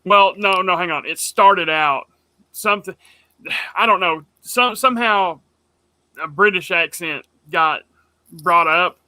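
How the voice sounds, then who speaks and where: A man co-hosting a casual podcast chat, rambling and animated as he tells stories. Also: sits high, unhurried, pauses often, no echo. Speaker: podcast co-host.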